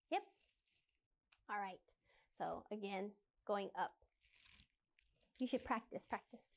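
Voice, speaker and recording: A woman's voice: a little high, a little mellow. A woman teaching an English grammar lesson, repeating example sentences with rising question intonation.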